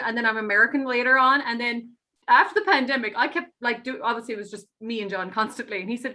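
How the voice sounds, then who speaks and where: A woman with an Irish accent chatting as an interview guest, telling animated stories. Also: fairly high pitch. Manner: fast, animated storytelling, slips into mock accents. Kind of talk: casual interview chat.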